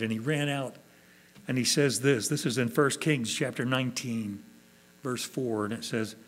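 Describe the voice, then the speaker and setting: A man preaching a sermon, earnestly acting out quoted prayers with rising emotion. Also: mid-range voice. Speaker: pastor.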